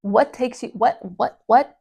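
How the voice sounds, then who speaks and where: Upbeat woman with a gravelly voice. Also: fairly high pitch, unhurried. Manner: energetic, swears casually, many "like" fillers. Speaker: business coach. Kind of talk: casual explainer vlog.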